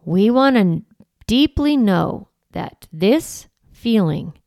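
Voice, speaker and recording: A woman parenting coach hosting a podcast, talking earnestly and gently and explaining with everyday examples. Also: mid-range voice, sing-song, slow, creaky, dry recording, studio quality. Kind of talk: conversational advice podcast.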